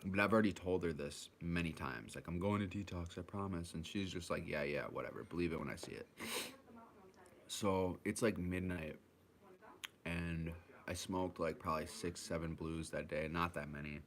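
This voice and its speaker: A man's voice: deep voice, fairly even intonation, moderate pace. Rambling, profane Midwestern man. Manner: rambling, profane, acts out voices of others. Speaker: vlogger recounting his addiction. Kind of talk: casual storytelling.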